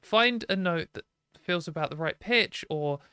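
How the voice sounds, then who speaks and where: A woman's voice: on the low side, lively intonation, measured pace, sharp tone, clear, resonant tone, no echo, studio quality. A British woman hosting a live stream, giving rambling, self-deprecating advice in a casual, chatty way full of fillers. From Britain.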